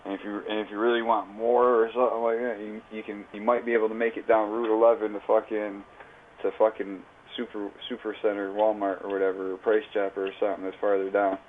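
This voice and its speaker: A man's voice: lowish voice, level tone, quick pace, slight background noise. A man telling a rambling, profane story in casual, slang-heavy chat while livestreaming. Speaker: live streamer. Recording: tinny phone-like audio.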